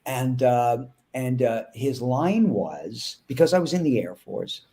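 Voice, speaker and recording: A male actor being interviewed, telling lively backstage anecdotes in a casual way and acting out other people's lines as he goes. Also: medium pitch, measured pace, husky. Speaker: guest actor.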